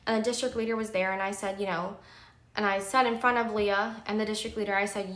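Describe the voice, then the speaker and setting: Woman, 30s, vlogger; emphatic, heated storytime delivery, bright tone, recorded in an echoey room. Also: medium pitch, steady tone, fast. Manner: heated, emphatic venting with many fillers. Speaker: pharmacy technician and nursing student. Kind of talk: candid vlog storytime.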